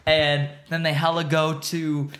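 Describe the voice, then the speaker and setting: Raspy man rambling through silly retellings. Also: a little high, little pitch movement, unhurried, fairly bright tone. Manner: rambling, joking, retelling scenes in silly voices. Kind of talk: casual chat.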